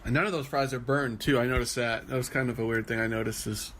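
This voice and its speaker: A man co-hosting a podcast, rambling through a lively recap of a reality show and now and then mimicking the people in it. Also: medium pitch, quick pace, a little hiss or hum. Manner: animated retelling, mimics quoted people; rambling with frequent restarts. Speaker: podcast co-host.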